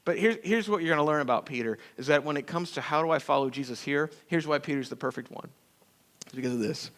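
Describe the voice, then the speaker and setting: A man preaching a sermon as pastor, telling stories in a folksy, animated way with acted-out quotes. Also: a little high, quick pace. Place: church sanctuary.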